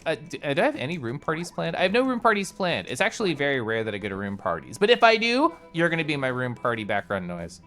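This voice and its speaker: A streamer casually commenting on a game and reading chat aloud, chatty and excitable, with sudden loud bursts between mumbled asides. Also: mid-range voice, fast, few pauses. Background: game music.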